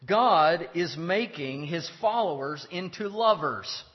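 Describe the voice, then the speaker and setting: A man giving a measured theology lecture, explaining step by step with pauses and restarts. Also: sits high, animated. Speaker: teacher. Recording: dull lo-fi sound with long hall reverb.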